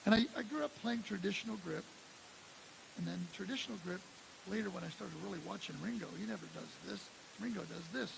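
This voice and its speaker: A man in his sixties from the Detroit area, telling animated stories at a live drum clinic in a music store. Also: high voice, a little fast, vocal fry. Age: 60s. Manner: animated storyteller who acts out quotes and scats drum parts. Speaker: guest drummer giving a clinic. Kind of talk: live clinic talk and storytelling. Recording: live room with steady hiss.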